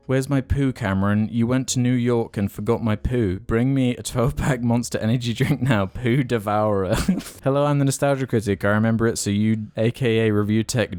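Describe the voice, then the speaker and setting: Podcast co-host, male, low resonant voice, dry close mic, deadpan rapid reader. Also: smooth, no echo. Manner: rapid deadpan reading of absurd lines, frequent laughs. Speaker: podcast co-host reading patron shout-outs. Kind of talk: casual podcast banter.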